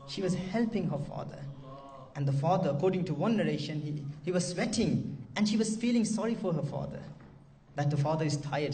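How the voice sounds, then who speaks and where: Male preacher, impassioned, repetitive sermon delivery, fairly high mellow voice, distant mic. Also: slight background noise. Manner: impassioned, repeats phrases, Arabic devotional phrases. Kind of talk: emotional sermon storytelling.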